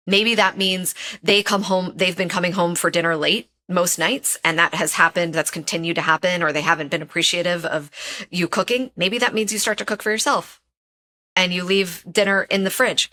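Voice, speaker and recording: A woman's voice: lowish voice, pushed and bright. A woman guest on a podcast, a relationship expert speaking earnestly and telling personal stories, repeating phrases for emphasis. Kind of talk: casual interview chat.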